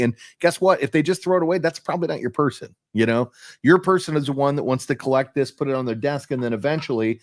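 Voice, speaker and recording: A man's voice: mid-range voice, quick pace, no room sound, clean studio sound. A man co-hosting a casual podcast, upbeat and rambling, often tagging his lines with "right?" and "you know". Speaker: co-host.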